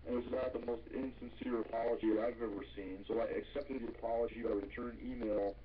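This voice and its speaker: A man with a mid-pitched voice recounts a personal story as a radio guest. He speaks calmly and deliberately. The audio is muffled, with a faint hiss underneath.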